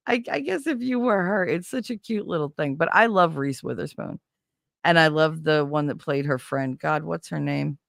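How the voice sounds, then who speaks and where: Woman streamer host, casual animated storyteller, lowish voice, dry sound. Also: moderate pace, vocal fry, dry recording. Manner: animated storytelling, laughs often. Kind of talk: casual chat.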